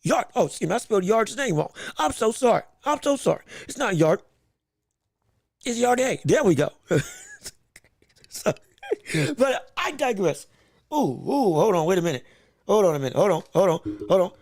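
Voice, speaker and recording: A man hosting his own podcast from his room at home, talking to listeners in a loose, animated, chatty way full of exclamations. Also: high voice, normal speed, gravelly, dry recording, studio quality. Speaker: podcast host. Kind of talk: casual solo podcast talk.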